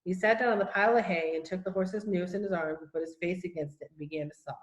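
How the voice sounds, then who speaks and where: A woman reading a children's novel aloud in a steady, even manner, in an echoey room. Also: on the low side, quick pace. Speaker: audiobook reader. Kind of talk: storybook narration.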